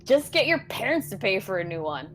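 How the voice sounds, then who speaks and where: A woman voicing a panicky, foul-mouthed boy who swears, shouts high and drops to whispers. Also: very animated, brisk, faint music behind. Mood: mocking.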